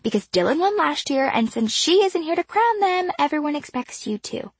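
A woman voicing a sharp-tongued teenage girl classmate who talks in a snappy, pushy way. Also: high-pitched, big pitch swings, normal speed, no echo, pitched above the performer's own voice.

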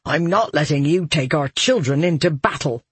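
A man playing a gentle, protective husband and father who pleads earnestly. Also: on the high side, lively intonation, normal speed, husky, no room sound. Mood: pleading.

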